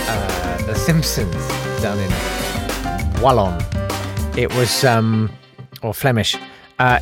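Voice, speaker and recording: A man hosting a solo podcast, telling stories in a rambling, wry way. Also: mid-range voice. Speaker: podcast host. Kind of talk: casual solo podcast monologue.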